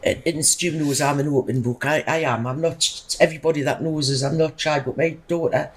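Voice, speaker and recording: A woman's voice: low voice, steady tone, brisk, husky, rough recording. A middle-aged woman, chatting emphatically as a podcast guest and telling a rambling personal story. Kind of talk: casual storytelling.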